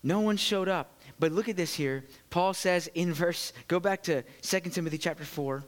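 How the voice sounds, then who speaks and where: A man preaching a sermon to his church, animated and swinging from loud bursts to hushed moments. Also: high-pitched, normal speed. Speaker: pastor.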